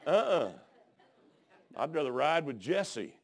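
A middle-aged man preaches a colloquial storytelling sermon. His voice sits a little high and swings widely up and down. It is fervent and folksy, with a gravelly edge. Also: very animated, slow, some chatter behind.

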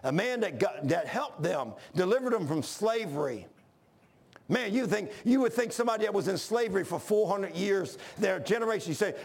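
Man preaching a shouted, folksy sermon; high, raspy-edged voice. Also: expressive, moderate pace. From Washington, D.C. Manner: fervent, often shouting; folksy, says "man" a lot.

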